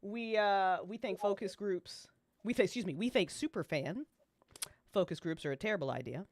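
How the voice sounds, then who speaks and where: A woman's voice: medium pitch, animated, normal speed, dry recording. A young woman hosting a podcast, emphatic and swearing freely. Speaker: podcast host. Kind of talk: casual podcast chat.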